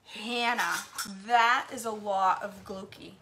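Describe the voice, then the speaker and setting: Over a noisy background, a middle-aged cooking vlogger talks slowly in a mid-range voice. She cooks in her home kitchen, chatting casually, reading comments, recounting stories and laughing frequently.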